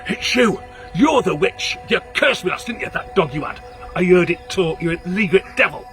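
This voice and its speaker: Guy putting on a frantic peddler yelling about curses, pitched way up. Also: expressive, brisk, vocal fry, faint music behind, full character voice. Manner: shouting, accusing, raised voice. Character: gruff middle-aged male peddler, cursed and frantic.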